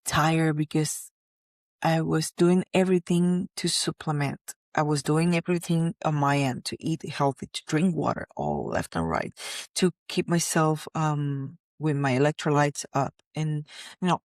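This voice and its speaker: A woman's voice: sits low, a little mellow, no room sound, clean studio sound. A woman, a mother, candidly retelling a personal struggle with many restarts. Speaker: vlogger, mother. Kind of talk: personal storytelling to camera.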